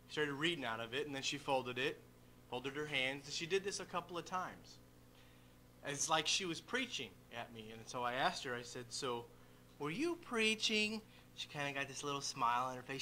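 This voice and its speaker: Bright-voiced man telling a church story. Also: on the high side, slight background noise, poor audio. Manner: storytelling, gentle, quoting a child. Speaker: father baptizing his daughter. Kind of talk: church testimony and baptism. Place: church baptistry.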